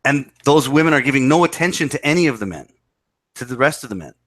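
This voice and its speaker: A man's voice: mid-range voice, expressive, fast, a bit bright, no room sound. A man in a casual chat, explaining his views at length and repeating himself. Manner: lecturing, repetitive explaining. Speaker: podcast co-host.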